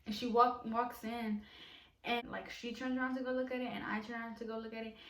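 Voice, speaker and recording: A young woman tells a story in a loose, rambling vlog voice, full of fillers, her pitch staying flat and even. She sits back from the camera mic, so the room rings around her. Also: fairly quick, distant mic. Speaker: vlogger. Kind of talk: casual storytime. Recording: roomy echo, off from mic.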